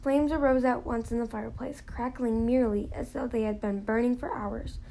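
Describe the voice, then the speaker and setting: A woman's voice: a little high, steady tone, normal speed, mellow, a little hiss or hum, poor audio. A woman reading a novel aloud in a plain manner, now and then slipping and restarting a phrase. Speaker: reader.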